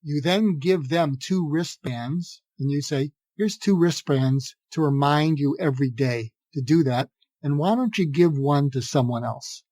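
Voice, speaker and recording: An older man tells stories as a guest on a podcast and acts out the voices of the people in them. His voice sits a little high for a man. The recording is dry and close, with no room sound. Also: unhurried, no room sound. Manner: animated anecdotes, acting out quoted dialogue. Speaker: guest, psychiatrist. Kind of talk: podcast interview storytelling.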